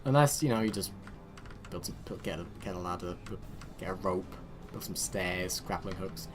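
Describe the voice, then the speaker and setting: A man commentating his own strategy game play, excitable, barking orders at his units and muttering to himself. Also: low-pitched, normal speed. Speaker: let's play host. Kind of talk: gameplay commentary.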